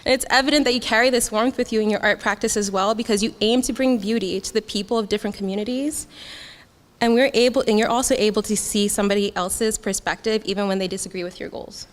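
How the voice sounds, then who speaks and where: A woman's voice: mid-range voice, fairly even intonation, fast. A young woman giving a heartfelt graduation speech, laughing often and getting emotional as she thanks her classmates. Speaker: graduating student speaker. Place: graduation ceremony hall. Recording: long hall reverb.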